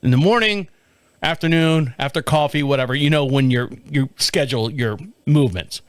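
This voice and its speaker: A middle-aged man telling a story casually on his podcast, animated and laughing often, with some swearing. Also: medium pitch, normal speed, smooth, dry recording. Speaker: podcast host. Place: home studio.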